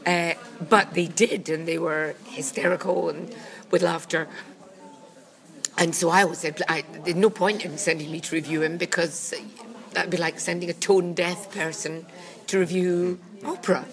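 A woman's voice: on the low side, fairly even intonation, moderate pace. A woman, a comedy critic co-hosting a casual chat, dry and blunt in manner. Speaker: comedy critic and podcast co-host.

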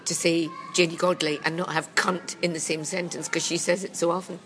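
A woman's voice: lowish voice, flat delivery, a little fast, fairly bright tone, slight background noise. A woman, a comedy critic co-hosting a casual chat, dry and blunt in manner. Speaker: comedy critic and podcast co-host.

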